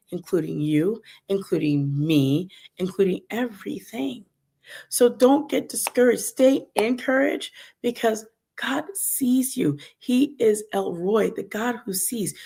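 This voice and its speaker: A woman hosting a faith podcast livestream, talking in an animated, emphatic way and speaking to viewers in the chat. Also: on the low side, creaky. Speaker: podcast host. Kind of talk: casual devotional livestream talk.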